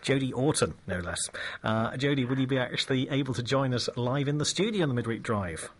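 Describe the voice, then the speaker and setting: A man's voice: medium pitch, animated, a little fast, a little hiss or hum. A man hosting a radio show in casual chat, rambling and wordy, full of fillers and repeated words. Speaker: radio presenter.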